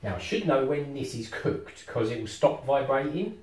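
A man, vlogging casually as he sets up VR at home and talks to himself excitedly. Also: medium pitch, normal speed, distant mic. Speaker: tech vlogger. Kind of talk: casual vlog commentary while setting up VR. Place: house with rooms on two floors. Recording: roomy home room, voice often off-mic.

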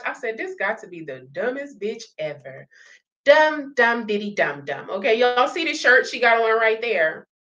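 A woman's voice: mid-range voice, bright, forceful tone, dull audio. A woman hosting a reaction channel, ranting in blunt, sassy, profane commentary.

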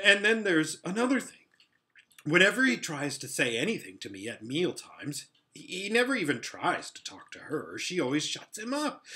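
A man's voice: on the high side, pushed and bright. A man reading an audiobook, voicing an upset, blunt young schoolboy in an indignant, tearful manner. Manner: indignant, then tearful and pleading.

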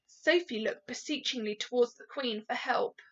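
A woman teacher reading a story aloud to children, pausing to ask the class questions. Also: on the high side. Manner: slow, lively, asks the class questions. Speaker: primary school teacher. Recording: dull lo-fi recording.

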